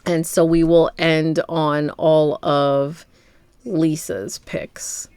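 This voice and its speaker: A woman's voice: low voice, level tone, very slow, a little mellow, clear, resonant tone, no echo. A woman co-hosting a podcast, rambling playfully through movie picks and laughing often. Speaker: podcast co-host. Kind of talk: casual chat.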